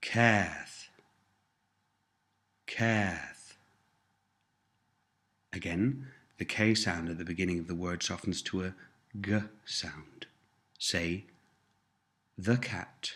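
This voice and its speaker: A deep-voiced man leads a scripted language lesson, setting out words for the listener to repeat. He moves at an unhurried, deliberate pace and explains each sound change patiently. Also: fairly even intonation, a bit bright. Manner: patient, repetitive prompts with careful explanations. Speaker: language teacher.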